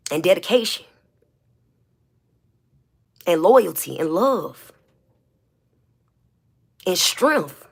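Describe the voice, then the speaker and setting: A woman's voice: medium pitch, gravelly. A woman speaking in a candid, blunt confessional monologue to her viewers, emotional and holding back tears, with many repeats and fillers. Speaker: vlogger.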